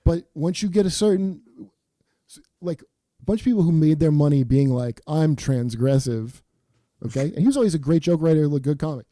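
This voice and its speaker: A man's voice: on the high side, animated, moderate pace, warm tone, no echo, studio quality. A man hosting a comedy podcast, ranting in a profane, emphatic way. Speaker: podcast host. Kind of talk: casual comedy podcast banter.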